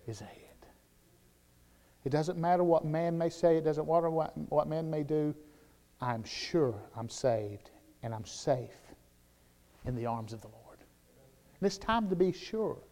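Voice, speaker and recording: A man with a Southern US accent preaches a sermon in a fairly high voice, and the long reverb of a church hall trails after every phrase. He swings from loud, shouted declarations to quiet, conversational storytelling. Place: church sanctuary.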